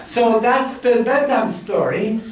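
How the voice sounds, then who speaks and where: A man telling a comic bedtime story, full of puns and drawn-out, jokey phrasing. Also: sits high. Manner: jokey, punning, slow and drawn-out. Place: community hall. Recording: echoey room, mic far off.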